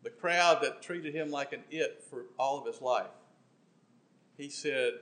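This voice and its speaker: A man preaching a sermon in church, impassioned, swinging between emphatic bursts and quiet, intimate asides. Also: medium pitch, unhurried.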